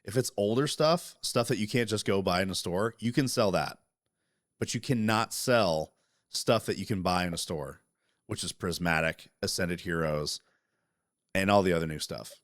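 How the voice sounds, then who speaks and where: A man chatting casually as a podcast co-host, animated and profane, talking over interruptions. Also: deep voice, moderate pace, no echo, studio quality. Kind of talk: casual chat.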